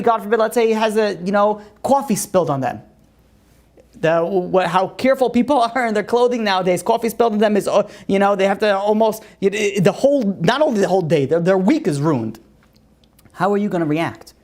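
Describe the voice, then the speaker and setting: A woman teaching a religious class and telling stories in a conversational way. Her pitch rises on emphatic questions. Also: lively intonation, a little fast, a little mellow.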